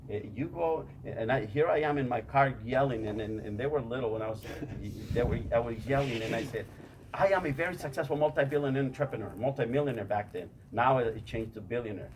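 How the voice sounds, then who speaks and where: Man, motivational speaker, repetitive, stammering restarts, mid pitch, noisy amateur recording. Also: brisk, few pauses. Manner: repetitive, addresses listeners as "you guys". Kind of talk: motivational talk to a group.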